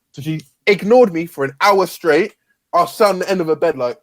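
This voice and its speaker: A man's voice: a little high, fast talker, no room sound. A young man telling a story casually in podcast chat, using slang and quoting others. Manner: laid-back, slangy, quotes himself and others. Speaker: podcast guest.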